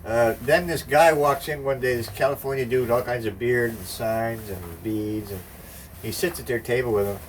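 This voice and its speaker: Speaking at normal speed in a mid-range voice, an older storyteller tells a meandering, foul-mouthed anecdote in casual talk, imitating the voices of its characters. A distant mic catches him along with faint background noise.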